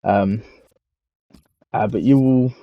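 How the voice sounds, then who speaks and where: A man's voice: fairly low pitch, slow, no echo, dull audio. A young man giving casual, rambling, self-mocking commentary on a football career game, swearing freely. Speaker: gaming YouTuber.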